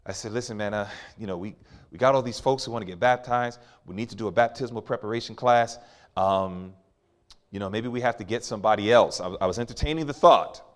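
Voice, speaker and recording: A man preaching a sermon, acting out quoted voices with big swings as he tells stories. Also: mid-range voice. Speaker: pastor.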